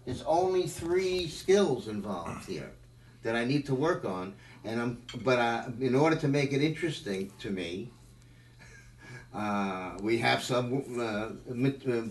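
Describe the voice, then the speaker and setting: Man, drum teacher, rambling with fillers, distant mic, echoey room. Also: mid-range voice. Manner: rambling, thinks aloud with many fillers. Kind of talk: live drum lesson.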